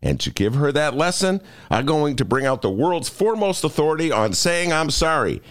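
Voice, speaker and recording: Playful, animated male radio host. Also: a little high, normal speed, slight background noise. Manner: joking, self-mocking, playful. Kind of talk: comic radio talk. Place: radio studio.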